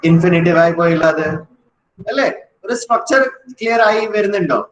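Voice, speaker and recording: A male grammar teacher quizzing his class with rapid questions, switching between English, Malayalam and Hindi. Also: high-pitched, highs cut off. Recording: echoey classroom.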